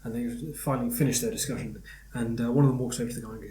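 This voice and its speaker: A man's voice: medium pitch, racing, few pauses, crowd noise. A man hosting a casual podcast, rambling through a joke with lots of fillers and restarts. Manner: rambling, animated storyteller with many fillers. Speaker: podcast host. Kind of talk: casual chat, telling a joke. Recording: roomy echo.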